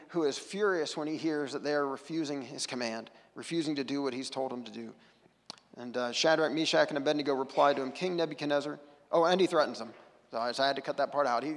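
Gravelly man preaching in a reverberant hall. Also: on the high side, quick pace. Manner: conversational, retells scripture with asides. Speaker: pastor. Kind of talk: sermon. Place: church sanctuary.

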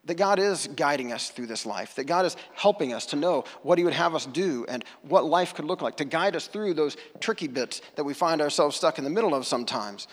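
A man from the United States preaching a sermon at church in a casual, conversational way, with self-deprecating asides. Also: on the high side. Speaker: pastor. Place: church sanctuary. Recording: long hall reverb.

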